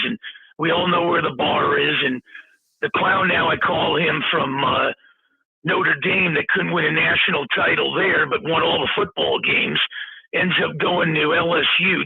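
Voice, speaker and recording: A man's voice: a little high, vocal fry, breathy edge, dry recording. A man giving blunt, opinionated takes in casual sports talk, heard over a remote call. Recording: dry, tinny phone-like line.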